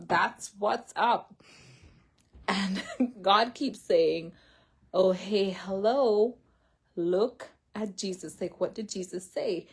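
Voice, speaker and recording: Woman, faith speaker, casual sermon-style talk, husky, conversational, frequent "like". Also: medium pitch. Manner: chatty, says "like" often, laughs lightly, retells scripture in her own words.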